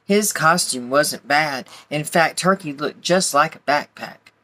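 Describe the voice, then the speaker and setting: Slow, bright-voiced woman reading a picture book. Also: deep voice. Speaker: children's book reader. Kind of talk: storybook read-aloud.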